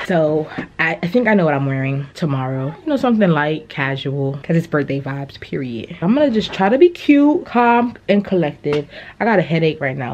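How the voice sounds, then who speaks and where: A woman in her twenties talking casually to her phone camera in a birthday vlog, chatty and excitable, with dull phone audio and faint hiss. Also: lowish voice, fast talker. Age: 20s. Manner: chatty, excitable, tearful over gifts. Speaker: vlogger.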